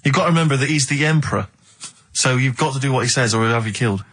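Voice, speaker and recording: A man's voice: medium pitch, racing, a bit bright, breathy edge. A man co-hosting a radio show, dropping dry asides and interjections into the banter. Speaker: radio co-host. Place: radio studio.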